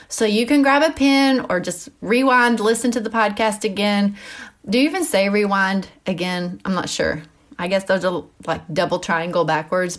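A woman, a mother of school-age kids, hosting a casual Christian teaching podcast, talking in a chatty, animated way with frequent asides and fillers. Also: medium pitch. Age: mother of middle schoolers. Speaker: podcast host.

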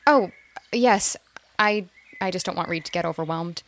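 A woman's voice: fairly low pitch, moderate pace, a bit bright. An actress playing a chatty young mother in an audio drama who talks with nervous little laughs. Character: eager young mother, psychology graduate.

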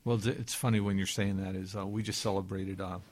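A man's voice: low voice, little pitch movement, quick pace, a little mellow. A man in his fifties co-hosting a financial radio show, telling stories in an easygoing, chatty way. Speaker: financial advisor and show co-host. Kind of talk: casual radio-show talk.

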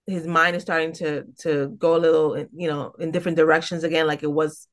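A woman's voice: low-pitched, level tone, a little fast. A woman co-hosting a casual podcast chat, retelling an episode's plot with many fillers and restarts. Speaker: podcast co-host.

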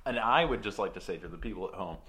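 A man's voice: fairly low pitch, expressive, fast, a bit bright. A man co-hosting an improv comedy podcast in a dry, easygoing way, with a sore throat. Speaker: podcast co-host.

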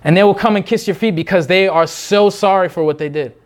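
Fervent high-voiced male preacher. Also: brisk. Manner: fervent, repetitive, acts out people's voices. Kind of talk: unscripted sermon.

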